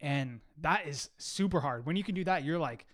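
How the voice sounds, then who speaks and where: A man's voice: fairly high pitch, lively intonation, moderate pace, fairly bright tone. A young man co-hosting a podcast, talking earnestly and casually with many "like"s and restarts. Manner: earnest, filler-heavy, lots of "like". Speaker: podcast co-host. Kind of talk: casual chat.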